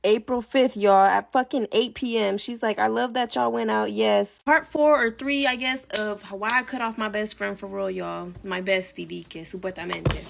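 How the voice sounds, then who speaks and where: A woman's voice: medium pitch, fairly even intonation, normal speed, creaky, hardly any pauses. A young woman telling a casual storytime vlog, chatty and dramatic, swearing and dropping Spanish phrases.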